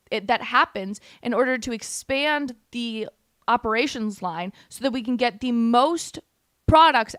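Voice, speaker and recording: A woman's voice: fairly high pitch, fairly bright tone, no echo, studio quality. A young woman hosting a livestream, reacting to clips with blunt, heated, sarcastic commentary. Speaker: political commentary host.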